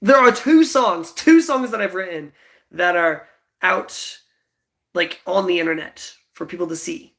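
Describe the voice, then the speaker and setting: A man's voice: sits high, lively intonation, a little slow, gravelly, fairly bright tone. A young man in his twenties, chatting with viewers and rambling casually, with lots of fillers and frequent giggles. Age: 20s. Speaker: livestream host. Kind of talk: casual livestream chat.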